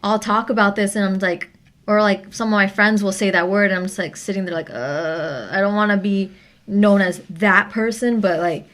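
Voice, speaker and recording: A young woman in a casual group discussion who often affirms the others and talks in a relaxed way. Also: medium pitch, moderate pace. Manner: frequent affirming backchannels. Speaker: podcast co-host.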